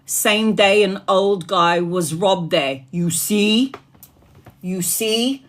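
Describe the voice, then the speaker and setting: A woman tarot reader chatting casually on a live stream, animated and laughing, swearing freely and acting out what people say. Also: medium pitch, very slow.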